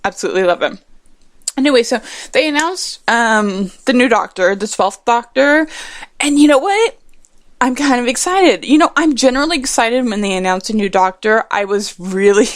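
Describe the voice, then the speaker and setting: A woman's voice: a little high, moderate pace, no room sound, clean studio sound. A young woman hosting a podcast alone, rambling and digressing in a casual, sarcastic, profane way while a bit tipsy. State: tipsy from drinking. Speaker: podcast host.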